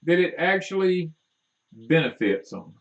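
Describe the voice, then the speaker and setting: A man rambles in a folksy way through gardening talk on a homestead live stream, stumbling over fillers as he goes. His voice sits a little high for a man. He is picked up from a distance, and the sound is dull and muffled. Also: big pitch swings, unhurried. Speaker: homestead livestream co-host. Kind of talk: casual live-stream chat.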